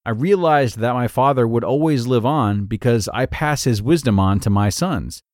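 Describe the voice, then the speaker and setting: A man hosting a podcast who reads a blog post aloud in an earnest, measured way, then comments on it. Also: mid-range voice, no echo, studio quality. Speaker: podcast host.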